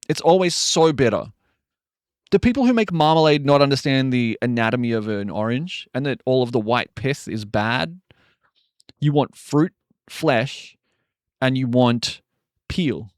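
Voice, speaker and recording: A man's voice: medium pitch, no echo, clean studio sound. A man in his forties, a streamer, casually chatting and ranting wryly while reacting to videos. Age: 40s. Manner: ranting, wry and exasperated.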